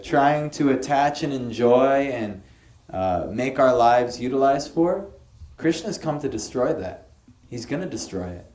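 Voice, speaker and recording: A man giving a spiritual lecture on scripture to a small group, lively and asking his listeners questions. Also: mid-range voice. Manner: lively, asks the audience questions. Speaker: spiritual teacher. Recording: echoey room, faint ambience.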